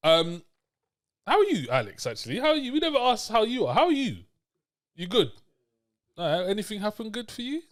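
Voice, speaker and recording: Lively high-pitched host. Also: male voice, brisk, pauses often. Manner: loud, playful, swears, laughs often. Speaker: podcast host. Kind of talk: casual banter.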